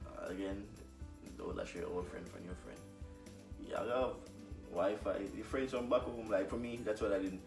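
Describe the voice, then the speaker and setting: A Jamaican man with a low voice talks casually and unhurriedly, pausing with fillers as he thinks. He sounds a little far from the mic in an echoey room, with faint music behind. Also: creaky. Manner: relaxed, halting, many fillers. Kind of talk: casual conversation.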